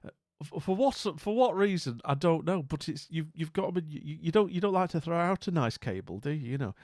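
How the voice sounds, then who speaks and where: A man's voice: fairly high pitch, animated, a little fast, darkish tone, dry recording, studio quality. A man hosting a live stream, chatting casually and rambling with lots of fillers.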